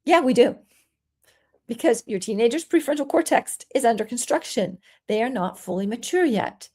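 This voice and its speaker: A woman parenting coach giving a solo talk, explaining calmly and acting out soothing things a parent might say. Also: on the high side, normal speed, breathy edge. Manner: gentle, explanatory, acts out soothing parent lines.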